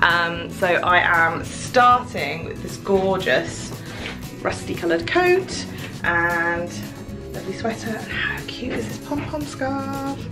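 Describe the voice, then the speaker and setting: A woman's voice: lowish voice, lively intonation, slow, over music. A young woman chatting casually to camera as a vlogger, bubbly and giggly. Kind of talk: casual vlog chat. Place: home, then a shop fitting suite.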